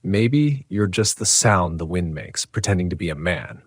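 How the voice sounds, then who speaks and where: A man voicing a patient, knowing male doppelganger in a horror story, speaking softly and gently. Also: low-pitched, expressive, no room sound, studio quality. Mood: calm. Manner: soft, gentle, unhurried.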